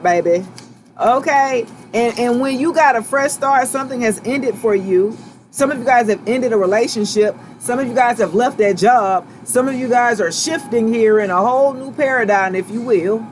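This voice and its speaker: A woman giving a casual tarot reading to her viewers, relaxed and reassuring, often checking in with "okay?" and "right?" and repeating herself as she talks. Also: on the high side, moderate pace, a little hiss or hum. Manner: loose, chatty, repeats and restarts phrases. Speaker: tarot reader.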